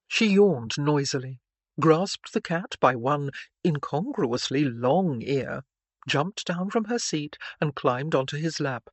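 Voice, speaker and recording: A man narrating an audiobook in a measured, even reading style. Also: fairly high pitch, dry recording. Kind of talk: scripted narration.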